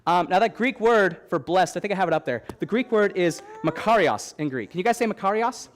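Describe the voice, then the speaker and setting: A young man preaching a sermon as young adults pastor, animated and repeating key phrases for emphasis, with light joking asides. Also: sits high, fairly quick. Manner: joking asides, stops to soothe a baby.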